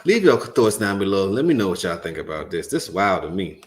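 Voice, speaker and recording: A man hosting a commentary show, reacting to a clip and lecturing viewers in an animated, preachy way; English is his second language. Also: deep voice, a little fast, a little hiss or hum. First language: not English.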